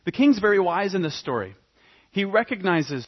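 Husky-voiced male pastor preaching. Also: high voice, sing-song, moderate pace, muffled recording. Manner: dramatic, swings between loud emphasis and hushed asides. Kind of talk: sermon.

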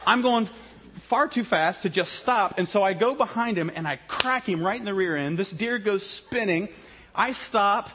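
A man from Ohio preaching a sermon, mixing humorous storytelling with quiet, earnest passages. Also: sits high, highs cut off, a little hiss or hum. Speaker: pastor.

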